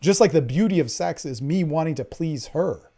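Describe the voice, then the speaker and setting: A man hosts a podcast where he gives listeners blunt, profane dating advice in casual coaching talk, speaking at normal speed. He swings between loud emphasis and low murmurs, staying animated and acting out his own lines in a hushed voice.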